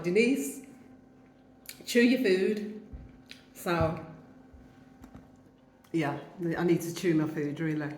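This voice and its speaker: A woman in her fifties from England, with a Wolverhampton accent, chats casually to camera while eating at her home in Jamaica. The vlogger rambles and laughs often. Her voice is fairly low and darkish, and the sound is reverberant.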